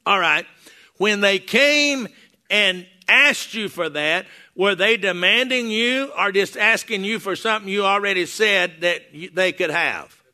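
This older man is a pastor preaching in a church hall, with a lapel mic clipped on, spinning folksy tales and frequently starting over. He has a high-pitched, bright, forceful voice and keeps a measured pace.

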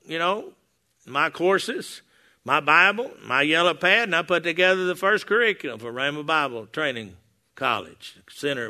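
A man's voice: high-pitched, bright, forceful tone. An older man preaching a sermon to a congregation in a church, telling folksy stories with many restarts, on a clip-on mic. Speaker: pastor. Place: church hall before a congregation. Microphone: wearing a lapel mic.

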